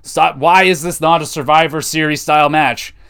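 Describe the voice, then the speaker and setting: A man hosting a wrestling podcast alone, talking casually and excitably, swearing often and restarting his sentences as he rambles. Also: a little high, moderate pace, vocal fry, smooth. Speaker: podcast host.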